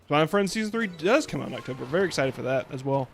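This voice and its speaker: A man's voice: fairly high pitch, lively intonation, fast, gravelly, soft background music. A man streaming a video game, chatting casually in a rambling way with plenty of fillers. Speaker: VTuber streamer. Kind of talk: casual let's-play commentary.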